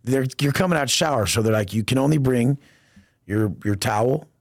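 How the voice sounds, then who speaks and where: A man's voice: medium pitch, moderate pace, no room sound, clean studio sound. A man as a podcast guest, telling stories in casual, profane street slang and acting out the people he quotes. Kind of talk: casual storytelling interview.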